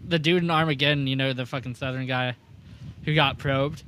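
A man co-hosting a podcast, jumping in with quick, profane remarks. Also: mid-range voice, steady tone, a crowd in the background, rough recording. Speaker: podcast co-host. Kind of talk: casual chat.

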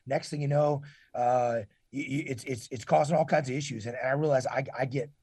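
A man's voice: medium pitch, fairly even intonation, a little fast, a little mellow, slightly rough, no room sound, clean studio sound. A man in his forties speaking earnestly as a podcast guest, often restarting and repeating words as he talks. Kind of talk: casual interview talk.

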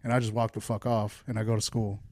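A man's voice: lowish voice, level tone, quick pace, warm tone, dry recording. Profane man telling a story, dry sound. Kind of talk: casual storytelling chat.

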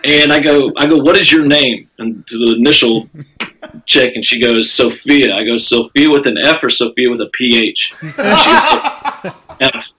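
Bright-voiced man telling a rowdy story. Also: mid-range voice, normal speed, slight background noise, low-quality recording. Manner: animated, profane, acts out quotes with raised voice. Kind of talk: casual storytelling on a podcast.

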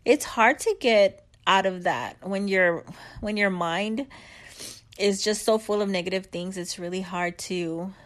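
A woman's voice: mid-range voice, unhurried. A middle-aged woman giving life advice in a candid, chatty vlog, with frequent laughs and slangy asides. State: upbeat after a bike ride. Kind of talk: casual motivational chat.

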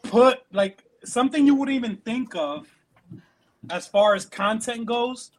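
High-voiced dude on a podcast, eager, talks fast, trips over words. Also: male voice, poor audio. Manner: enthusiastic, rapid, repeats words while thinking. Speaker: podcast guest. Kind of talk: casual podcast chat.

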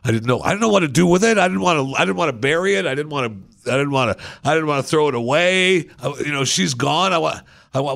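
A man's voice: on the high side, animated, fast talker, vocal fry, fairly bright tone, no room sound, clean studio sound. A man hosting a podcast, telling rambling, self-mocking anecdotes in a casual way. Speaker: podcast host. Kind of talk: casual storytelling.

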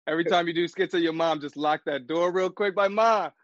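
A man hosting a casual interview, asking quick questions and joking along. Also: on the high side, fairly even intonation, no echo. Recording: dull, dry sound.

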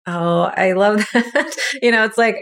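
A woman's voice: medium pitch, measured pace, creaky, a bit bright. A woman hosting a podcast who speaks reflectively about spirituality and asks her guest open questions. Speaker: podcast host. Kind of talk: casual podcast conversation.

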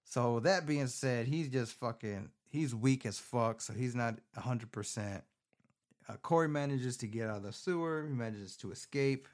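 A man's voice: medium pitch, moderate pace. A man casually recapping a film on his phone camera, cursing constantly and rambling animatedly. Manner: profane, rambling, animated storytelling. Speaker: movie recapper.

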